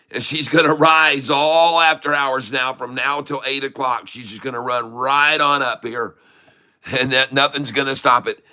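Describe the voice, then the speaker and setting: A man giving excited live commentary on a stock chart, full of folksy slang and exclamations. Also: medium pitch. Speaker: day-trading streamer.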